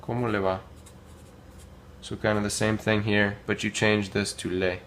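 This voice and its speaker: A man with a fairly low voice gives a relaxed language lesson. He talks informally, pausing with lots of ums, and slows right down to model each phrase. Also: a little hiss or hum. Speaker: Spanish teacher. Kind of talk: casual spoken lesson.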